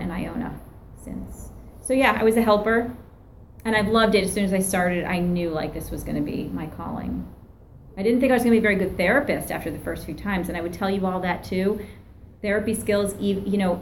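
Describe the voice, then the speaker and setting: A woman's voice: medium pitch, slight background noise, rough recording. A middle-aged woman, a therapist and professor, telling stories in an interview, acting out quoted voices and laughing often. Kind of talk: animated storytelling in an interview.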